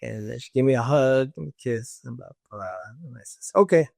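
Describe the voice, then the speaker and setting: A man's voice: mid-range voice, fairly quick, vocal fry, darkish tone, no room sound, studio quality. A man telling a personal story in casual conversation, acting out the voices of others with fillers like "this and that". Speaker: guest.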